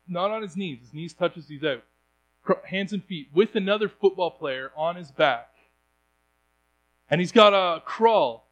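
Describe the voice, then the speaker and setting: Earnest high-voiced young male preacher. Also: slight background noise, poor audio. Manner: earnest, stumbling restarts. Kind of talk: sermon.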